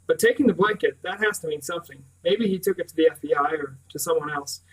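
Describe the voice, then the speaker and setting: A man's voice: on the high side, fast, husky, distant mic, poor audio. Brief: male narrator as a level, plain-spoken young man in an audiobook.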